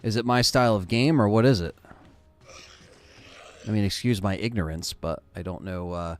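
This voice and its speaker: A man's voice: fairly low pitch, moderate pace. Tired, laid-back man streaming a game. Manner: rambling, laid-back, talks to chat. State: tired, yawning. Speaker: gaming streamer. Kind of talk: casual gameplay commentary to chat.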